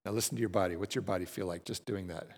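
A man's voice: sits low, steady tone, racing. A man leading a class through guided breathing exercises, talking conversationally and often checking in with his listeners. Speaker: class leader. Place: large room with a group. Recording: long hall reverb.

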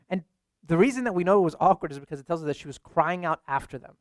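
A man's voice: fairly high pitch, fast, dry recording, studio quality. Casual young male priest preaching. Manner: casual, many "like" fillers. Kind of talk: conversational sermon.

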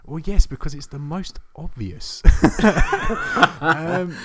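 A man hosting a podcast in casual chat, brisk and matter-of-fact with self-deprecating jokes. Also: on the high side, heavy background noise. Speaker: podcast host.

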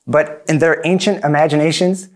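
A man's voice: a little high, steady tone, normal speed. A man preaching a sermon in an earnest, plain-spoken way, with self-deprecating asides.

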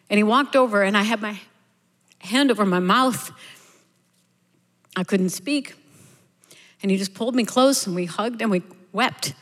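A middle-aged woman gives a sermon built on personal testimony, speaking candidly and conversationally as she tells her story. Her voice sits at an ordinary pitch for a woman. It carries the long reverb of a large church hall. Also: a little slow, long pauses. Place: church sanctuary.

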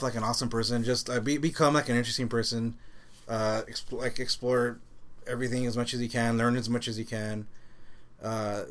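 A man's voice: mid-range voice, fairly bright tone. A man in his thirties chatting as a podcast co-host, rambling and hesitant, searching for his words. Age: 30s. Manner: rambling, hesitant, full of restarts. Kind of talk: casual chat.

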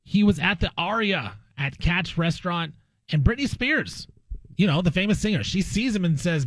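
A man hosting a sports radio show, telling a story in an animated, joking way. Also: sits high, normal speed, no echo. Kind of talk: casual sports radio chat.

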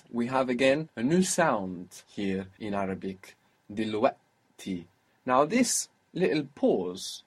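A man's voice: mid-range voice, slightly rough. A man teaching a spoken language lesson, patiently explaining pronunciation and prompting his student.

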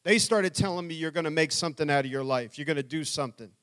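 Man, middle-aged, earnest personal testimony talk, slightly raised pitch, acts out dialogue. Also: quick pace, fairly bright tone, clear, resonant tone. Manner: earnest, storytelling, quotes people in dialogue. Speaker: speaker.

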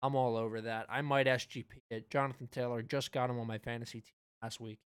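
Man co-host, casual sports-betting talk, smooth clear voice, dry close sound. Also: mid-range voice, fast talker, no room sound. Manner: relaxed, loose, with frequent fillers. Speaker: podcast co-host.

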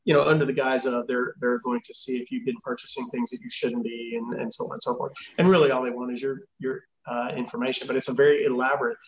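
A man's voice: medium pitch, steady tone, fast, hardly any pauses, reverberant, highs cut off. A man on a podcast as a consumer advocate guest, explaining scams at length and acting out the callers' lines, with many fillers. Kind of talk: podcast interview answers.

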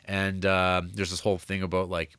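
Low-voiced male podcaster, loose and profane, dry close mic. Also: completely flat delivery, moderate pace, a bit bright, smooth, dry recording. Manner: rambling, profane, heavy use of "like" fillers. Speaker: podcast co-host reviewing horror films. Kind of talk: casual chat.

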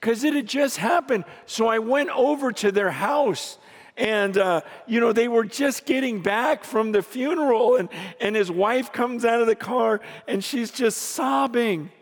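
High-voiced preacher man in a big hall. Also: measured pace. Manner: dramatic swings from hushed to shouting. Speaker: pastor. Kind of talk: sermon storytelling. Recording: long reverb of a large hall.

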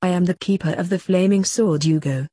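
A woman's voice: lowish voice, fairly quick, mellow, dry recording, studio quality, close to an everyday voice. A woman reading as a teasing grim-reaper man. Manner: teasing, amused.

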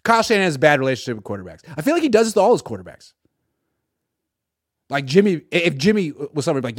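Animated sarcastic male sports commentator. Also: on the high side, rapid-fire, pauses often, no echo, clean studio sound. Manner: animated, sarcastic, acts out imagined quotes. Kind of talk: solo reaction commentary.

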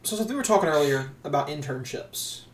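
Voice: mid-range voice, lively intonation, a little fast, slight background noise. A young podcast host chatting casually, laughing often and swearing now and then, and reading an article aloud. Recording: echoey room, voice off-mic.

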